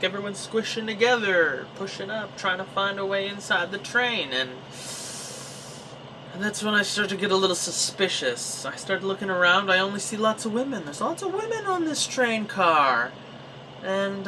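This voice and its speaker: A young Canadian man telling a personal story in a casual, animated way, acting out his own reactions. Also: high voice, moderate pace, recorded from a distance, noisy background. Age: young adult. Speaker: vlogger.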